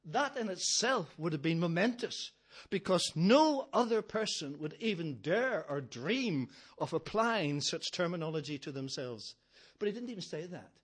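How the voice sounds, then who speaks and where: Husky-voiced preacher. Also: male voice, fairly high pitch, sing-song, normal speed. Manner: emphatic, builds with repeated phrases, gentle humour. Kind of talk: sermon.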